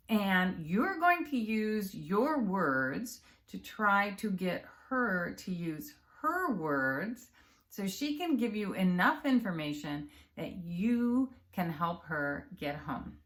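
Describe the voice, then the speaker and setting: Woman, health coach, unhurried delivery, lowish voice, encouraging, speaks directly to viewer. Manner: calm, measured and encouraging, addressing the viewer directly. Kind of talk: direct-to-camera coaching talk.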